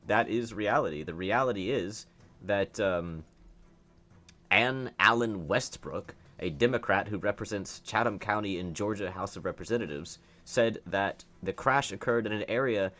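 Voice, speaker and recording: A man's voice: fairly low pitch, moderate pace, sharp tone. A young man delivering a heated, sarcastic opinion monologue as a political commentator, often repeating words as he speaks.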